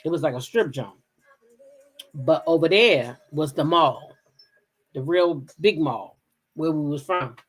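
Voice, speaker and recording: A woman from the DC hosting a casual livestream, telling stories straight to her viewers in an animated, profane way. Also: low voice, unhurried, long pauses, slightly rough. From Kensington, Maryland, near Washington DC. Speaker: livestream gossip host. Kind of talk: casual chat with live viewers.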